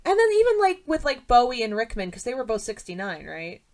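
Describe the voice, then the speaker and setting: A woman's voice: fairly high pitch, wildly swooping pitch, brisk, a crowd in the background. A young woman co-hosting a podcast, talking heartfelt and rambling, with lots of "like". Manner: heartfelt, rambling, heavy use of "like". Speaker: podcast co-host. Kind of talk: casual chat.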